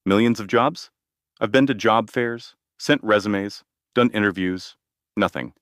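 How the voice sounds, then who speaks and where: A man reading the lines of a determined, frustrated young woman, in a sharp but steady manner. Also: lowish voice, a little slow, dry recording, clean studio sound. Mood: defiant. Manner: sharp, steady, pushes back.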